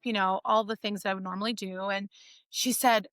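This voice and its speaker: A woman physical therapist, a guest on an interview show, explaining her work in casual, animated talk full of "like" and "right?". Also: mid-range voice, a little fast, no echo. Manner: animated storytelling, frequent "like" and "right?".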